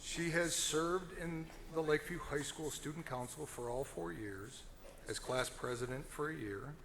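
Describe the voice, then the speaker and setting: A man's voice: fairly high pitch, animated, fairly bright tone, a little hiss or hum. Man giving a formal introduction. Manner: measured, reads from notes, corrects himself. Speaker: ceremony presenter introducing a speaker.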